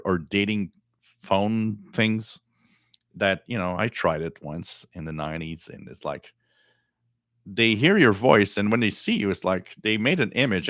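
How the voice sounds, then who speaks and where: A middle-aged man with a deep, fairly bright voice hosts a radio live stream, chatting casually and reading out viewer comments. He rambles and repeats words. The sound is clean studio audio with no room sound.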